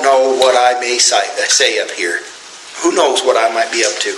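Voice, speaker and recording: A middle-aged pastor preaching a sermon in a church, tired, with a folksy, joking manner. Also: male voice, mid-range voice, normal speed, reverberant, noisy background. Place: church sanctuary.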